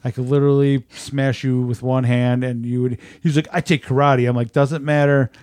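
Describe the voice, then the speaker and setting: A man's voice: medium pitch, moderate pace, clear, resonant tone, no room sound, clean studio sound. A man on a podcast in casual chat, telling profane stories and acting out the dialogue. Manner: profane animated storyteller, acts out dialogue. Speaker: podcast guest.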